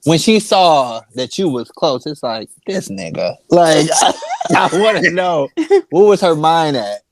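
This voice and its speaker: A man co-hosting a podcast, chatting casually and teasing the others with quick jokes. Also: a little high, lively intonation. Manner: laughing, teasing interjections. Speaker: podcast co-host. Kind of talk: casual chat.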